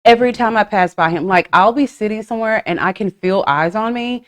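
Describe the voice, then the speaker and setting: Her voice is medium-pitched and fairly quick as this podcast host, a woman in her forties, spins casual, animated stories. Voiced asides and frank swearing run throughout.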